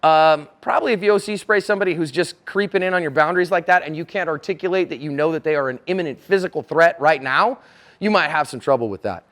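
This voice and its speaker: A middle-aged man with a somewhat high voice teaching a room. He talks in a loose, conversational way and slips into little acted exchanges to show his point. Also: fast, fairly bright tone. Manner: conversational, acts out dialogue in character voices. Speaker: self-defense instructor. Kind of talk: conference lecture.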